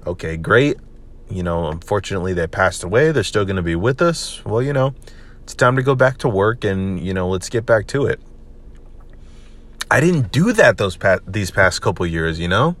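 A man's voice: lowish voice, animated, normal speed, a bit bright. A young man hosting a solo podcast, talking candidly and rambling, with lots of "man" and "you know". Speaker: podcast host. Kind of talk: solo confessional podcast monologue.

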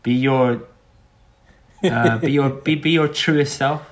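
A man's voice: mid-range voice, slow pace. A man co-hosting a casual podcast chat, playful and fond of catchphrases. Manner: playful, quotes himself with catchphrases. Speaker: podcast co-host.

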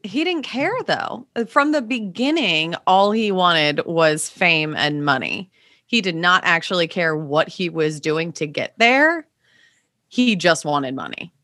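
Low-voiced, skeptical woman. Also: lively intonation, takes it slowly, fairly bright tone, no echo, clean studio sound. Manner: skeptical, questioning. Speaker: podcast co-host. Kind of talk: casual chat.

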